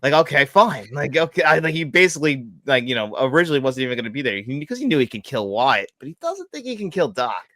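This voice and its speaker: A man's voice: mid-range voice, big pitch swings, fast talker, few pauses, sharp tone, no echo. A man co-hosting a movie podcast, talking enthusiastically with lots of fillers and laughs. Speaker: podcast co-host. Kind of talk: casual movie review chat.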